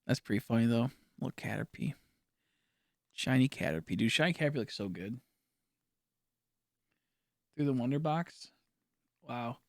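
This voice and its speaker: A young man chats casually during a game live stream at normal speed, his mid-range voice animated and broken by frequent pauses. He wanders through mumbled asides and lots of filler words, recorded dry at studio quality.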